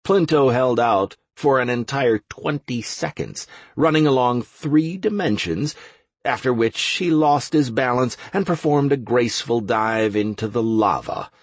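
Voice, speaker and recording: A man narrating a first-person fantasy audiobook in a measured, wry manner with a husky voice. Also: medium pitch, lively intonation, no room sound.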